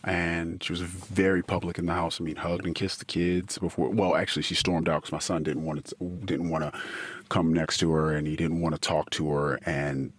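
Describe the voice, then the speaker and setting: A middle-aged male podcast host tells a personal story in a low, raspy voice. He speaks haltingly and with feeling, sometimes dropping into quiet asides. The sound is dry and close, with no room echo. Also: level tone.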